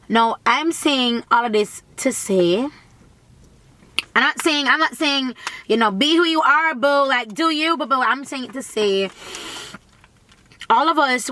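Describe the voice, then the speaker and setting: A woman's voice: a little high, fairly bright tone, a little hiss or hum, low-quality recording. A woman from Jamaica, chatting in a rambling way while doing her makeup in a parked car. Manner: rambling, chatty, many restarts. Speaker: beauty vlogger.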